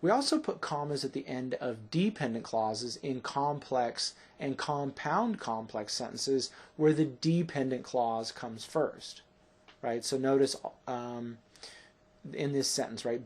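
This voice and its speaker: A man's voice: mid-range voice, takes it slowly, husky. A man teaching a grammar lesson, explaining patiently and checking in with "right?" after each point.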